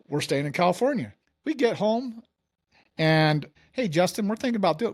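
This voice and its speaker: A man's voice: on the high side, very animated, normal speed. A man, a mortgage company founder, telling his story in a casual interview and acting out the dialogue.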